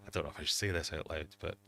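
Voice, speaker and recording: A middle-aged man hosts a relaxed livestream from his fish room. His voice sits very low, and he tells long, self-mocking stories. A faint hum runs underneath. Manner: rambling, self-mocking storytelling with quoted asides. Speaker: livestream host. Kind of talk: casual livestream chat.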